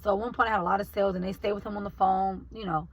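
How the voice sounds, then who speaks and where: A woman's voice: medium pitch, fairly even intonation, rapid-fire, dull audio, heavy background noise. A woman, telling her viewers about her basket business in a casual vlog. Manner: talks straight to viewers, emotional, says y'all. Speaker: vlogger and basket maker.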